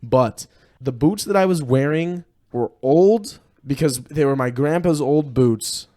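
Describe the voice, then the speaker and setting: A man's voice: a little high, measured pace, warm tone. An eighteen-year-old man co-hosting a podcast, telling rambling stories full of fillers and laughs in casual chat. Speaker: podcast co-host.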